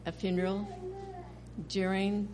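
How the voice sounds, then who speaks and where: A woman from the congregation asks the priest a question, speaking in a measured, hesitant way with pauses. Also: mid-range voice, level tone. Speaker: parishioner asking a question. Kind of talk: casual question.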